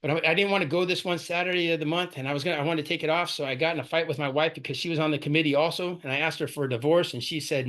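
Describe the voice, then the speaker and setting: A man's voice: fairly high pitch, steady tone, racing, hardly any pauses, a bit bright. A man in his forties tells his recovery story at a meeting, casual and full of "right?" and "man". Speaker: AA speaker sharing his story. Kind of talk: personal recovery talk.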